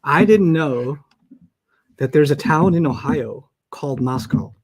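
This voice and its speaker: A man's voice: on the high side, measured pace, husky. A man teaching an Arabic class in a casual way, telling funny stories and acting out the voices of people in them. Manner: animated, acts out quoted voices, laughs often.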